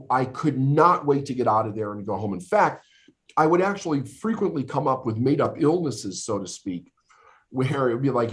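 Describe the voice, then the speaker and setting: A middle-aged man from the United States, a business coach and podcast guest, earnestly recounting his life story in conversation, emphatic and given to repeating words as he builds up. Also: medium pitch.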